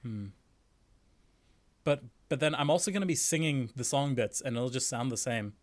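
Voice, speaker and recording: A man hosting a stream, chatting in a relaxed way and thinking aloud. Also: mid-range voice, normal speed. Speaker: streamer host. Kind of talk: casual chat on a stream.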